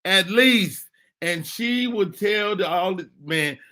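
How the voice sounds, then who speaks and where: A man's voice: sits high, takes it slowly, bright, forceful tone. A man hosting a casual talk show, rambling loosely with joking asides. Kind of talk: casual chat.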